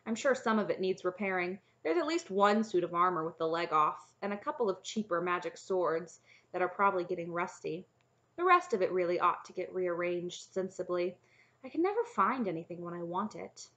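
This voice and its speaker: A woman voicing a calm, commanding female dragon with a dry, poised manner. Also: on the low side, fairly quick. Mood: matter-of-fact. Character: dignified female dragon, calm, fiercely possessive. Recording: slightly dull lo-fi audio.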